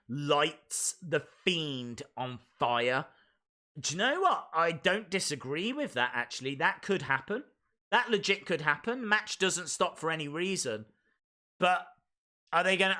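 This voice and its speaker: A man's voice: high-pitched, lively intonation, takes it slowly, pushed and bright, clear, resonant tone. A man hosting a live wrestling reaction stream, chatting with viewers and ranting in mock outrage. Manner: chatty, mock-outraged, reads out chat messages. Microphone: desk microphone.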